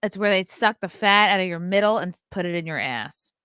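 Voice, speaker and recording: Woman, podcast host, lowish voice, dry close sound, curious and questioning. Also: lively intonation, fairly quick, pushed and bright, clean tone, no echo. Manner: curious, questioning, matter-of-fact. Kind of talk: casual chat.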